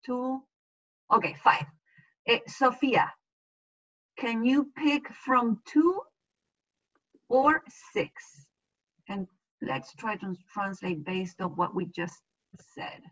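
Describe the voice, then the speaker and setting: A Spanish-speaking woman teaching an online class, explaining slowly and patiently and checking often that students follow. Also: fairly high pitch, fairly bright tone. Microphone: video call. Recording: dull lo-fi video call audio.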